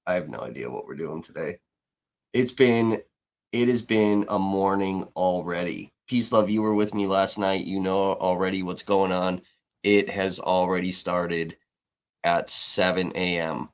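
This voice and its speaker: A man's voice: sits low, measured pace. A man live-streaming, telling a rambling, heated story in casual chat, swearing freely and restarting his sentences. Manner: heated, profane, with frequent restarts.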